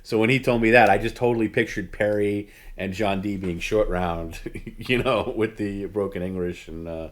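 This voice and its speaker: Rambling man with a lowish voice. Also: fairly even intonation, normal speed. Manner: rambling, heavy use of like and you know, laughs often. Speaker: host. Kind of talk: casual chat on a livestream.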